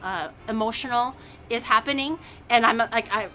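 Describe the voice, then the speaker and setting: A woman streamer in casual chat, animated and laughing often, acting out quotes in a raised voice. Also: on the high side, moderate pace, soft background music.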